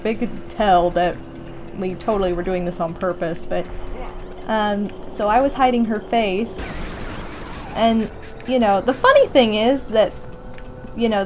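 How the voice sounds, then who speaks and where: A young woman hosting a gaming video, telling a funny story in a casual, animated way with many fillers and frequent laughter. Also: mid-range voice, a little hiss or hum. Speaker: gaming channel host. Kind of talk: casual storytelling over gameplay.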